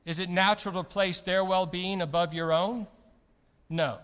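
Male preacher, high voice, emphatic sermon delivery, long hall reverb. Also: fairly even intonation, moderate pace, smooth. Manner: emphatic, rhetorical questions, swings from loud to soft.

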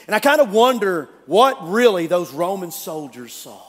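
Male pastor, high voice, dramatic storytelling sermon, long hall reverb. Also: sing-song, moderate pace, few pauses. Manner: dramatic storytelling, swinging from loud to hushed.

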